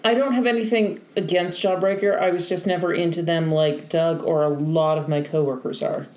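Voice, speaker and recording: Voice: medium pitch, steady tone, normal speed, darkish tone, roomy sound. A podcast co-host who asks wry questions in casual chat.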